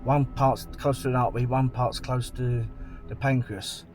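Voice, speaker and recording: A man talks straight to camera in a casual vlog. He is blunt and plain-spoken, rambling from one point to the next. His voice sits at an ordinary pitch, with faint music in the background. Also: steady tone, moderate pace. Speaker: vlogger.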